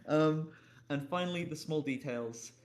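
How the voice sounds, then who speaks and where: A man on a video call telling self-deprecating stories about his roleplay mistakes in an animated, casual way. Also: a little high, a little slow. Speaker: panelist on a roleplay Q&A stream. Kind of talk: casual chat.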